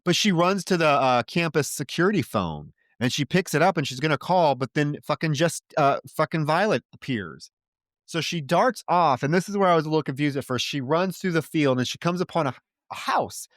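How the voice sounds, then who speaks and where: A man co-hosting a podcast, retelling a film's plot in a lively, casual way with exasperated, swearing asides. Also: on the high side, a little fast, no room sound, clean studio sound. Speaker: podcast co-host. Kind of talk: casual film discussion.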